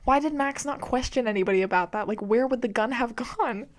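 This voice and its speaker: A woman's voice: fairly high pitch, brisk. A woman hosting a podcast, ranting casually and with disbelief about a video game, laughing often and swearing freely. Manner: incredulous, exasperated, laughs often. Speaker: podcast host.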